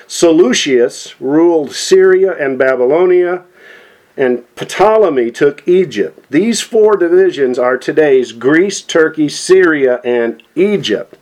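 A middle-aged man preaching on Bible prophecy in a folksy way, often checking in with "okay?" and "amen". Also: a little high.

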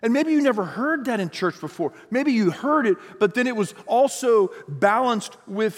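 A man's voice: very high voice, animated, moderate pace, few pauses, long reverb tail. A man preaching an earnest sermon, reading scripture aloud and stretching words for emphasis. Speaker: pastor.

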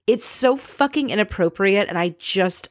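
A woman's voice: medium pitch, expressive, moderate pace, dry recording, clean studio sound. A woman hosting a casual recap of a reality show, blunt and exasperated, swearing freely.

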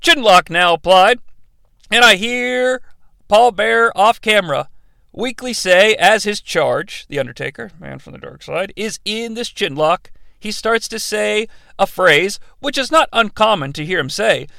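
A man's voice: high voice, expressive, unhurried, creaky, pushed and bright, clear, resonant tone, dry recording. A man hosting a podcast, giving a comedic play-by-play recap with sarcastic, profane asides. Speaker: podcast host recapping a wrestling event.

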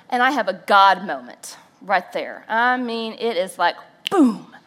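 A woman speaking at a church service, telling a playful, self-mocking story with animated, acted-out quotes. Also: on the high side, takes it slowly. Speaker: church speaker, pastor's wife. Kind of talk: storytelling sermon.

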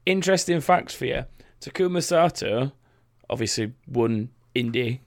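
A man's voice: mid-range voice, lively intonation, normal speed. A British man co-hosting a casual motorsport podcast, telling anecdotes and teasing his co-hosts. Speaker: podcast co-host.

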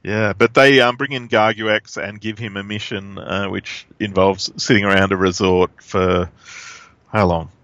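An Australian man co-hosting a podcast, talking in a relaxed, halting way and often repeating words. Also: fairly low pitch, no room sound, highs cut off. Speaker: podcast co-host. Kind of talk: casual chat.

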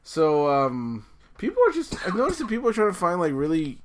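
A man's voice: on the high side, huge pitch swings, a little fast, slight background noise. A man hosting a casual podcast, leading into a news segment and swearing freely. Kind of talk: casual chat.

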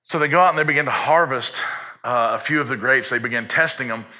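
Bright-voiced earnest male preacher. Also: medium pitch, quick pace. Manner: earnest, builds urgency, repeats words when fired up. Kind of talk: sermon.

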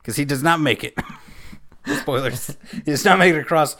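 A man's voice: on the high side, normal speed, gravelly, bright, forceful tone. An American man co-hosting a podcast, chatting casually about a movie in a teasing, joking, rambling way. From United States. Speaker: podcast co-host.

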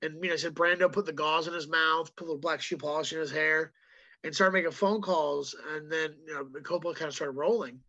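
Bright-voiced man telling lively stories. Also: on the high side, highs cut off. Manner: animated storyteller, breaks into quick impressions. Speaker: comedian guest. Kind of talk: casual podcast chat.

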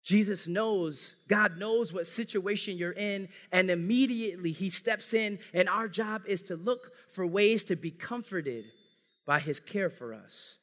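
A man's voice: sits high, a little slow, fairly bright tone. A man preaching an earnest sermon as pastor, speaking to his congregation as family. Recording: long hall reverb.

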